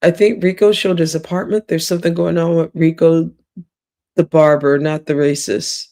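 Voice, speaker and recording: A woman's voice: sits low, level tone, moderate pace, dark tone. A woman livestreamer with a cracking voice, giving rambling, gossipy late-night commentary with whispered asides.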